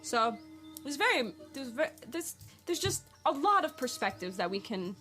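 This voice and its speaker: A woman's voice: sits high, sing-song, moderate pace, bright, forceful tone, soft background music. A woman hosting a spiritual podcast, rambling with lots of fillers and firing questions at her listeners. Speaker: podcast host. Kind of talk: casual spiritual podcast monologue.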